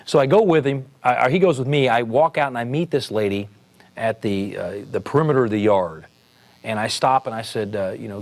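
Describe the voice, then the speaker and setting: A man, a police sergeant, telling a story in a relaxed, conversational way with frequent fillers and restarts. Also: mid-range voice, fairly quick. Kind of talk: storytelling talk.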